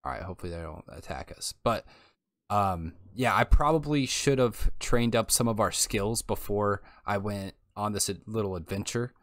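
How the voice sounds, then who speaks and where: A man's voice: fairly low pitch, normal speed, a bit bright, dry recording, clean studio sound. A young man giving casual, chatty gameplay commentary and thinking aloud as he plays. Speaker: let's play host.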